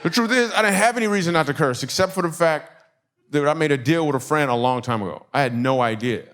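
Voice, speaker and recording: A man from Michigan doing stand-up storytelling in a church, animated and conversational, laughing through his punchlines. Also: on the high side, fast talker. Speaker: comedian.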